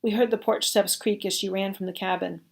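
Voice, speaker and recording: Brief: woman storyteller, mid-pitched, expressive and steady read-aloud. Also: a little fast, gravelly. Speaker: reader. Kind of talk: reading a story aloud at a service.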